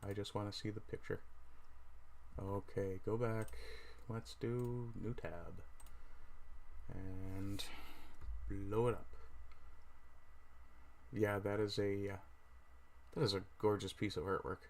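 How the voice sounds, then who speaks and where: A man's voice: lowish voice, flat delivery, takes it slowly, long pauses, slight background noise. A middle-aged man from Newfoundland with a Newfoundland accent, hosting a casual livestream, rambling and correcting himself as he browses and talks to viewers. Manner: rambling, self-correcting, chatty asides while browsing. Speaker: livestream host.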